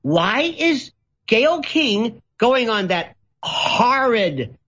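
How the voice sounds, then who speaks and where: A man's voice: extremely high pitch, very animated, drawn-out words, pushed and bright, husky. A man speaking as a guest commentator, theatrical and sarcastic, with an ornate vocabulary and mocking put-on voices. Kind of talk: ranting talk-show commentary. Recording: dull lo-fi audio.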